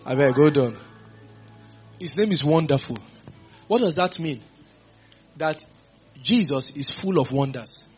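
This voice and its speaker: Animated male preacher. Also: a little high, measured pace, pauses often, faint music behind. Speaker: pastor. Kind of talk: sermon.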